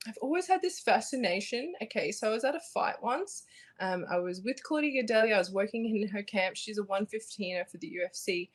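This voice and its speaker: A young Australian woman talking casually as an interview guest, animated and rambling with lots of fillers and restarts. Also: medium pitch. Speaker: guest, bare-knuckle fighter.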